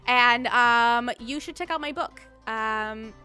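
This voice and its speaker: A woman running a tabletop game stream, talking fast and bubbly as she thanks her players. Her voice is bright and forward, a little high, with faint music under the voice chat. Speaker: game master.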